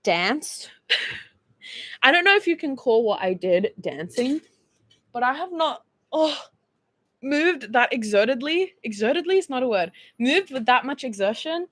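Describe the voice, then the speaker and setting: This early-twenties Australian streamer chats casually and giggles while reading viewer texts, leaning heavily on fillers. Her high voice is lively and a bit bright, her pace measured, with no room sound.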